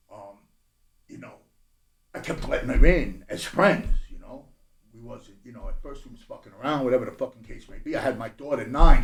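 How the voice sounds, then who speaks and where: A middle-aged man telling his life story bluntly as a podcast guest, profane and swinging from low mutters to loud bursts. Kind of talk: candid personal storytelling. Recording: roomy echo.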